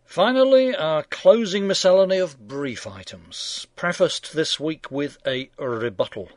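A man's voice: a little high, expressive, unhurried. A man hosting a radio show, reading scripted satirical commentary in a dry, sardonic, mock-indignant manner.

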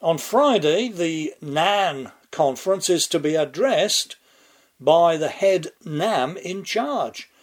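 Older English man, slightly higher voice, dry mocking monologue delivery. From England. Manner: sardonic, mocking. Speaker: political commentator. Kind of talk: scripted monologue commentary.

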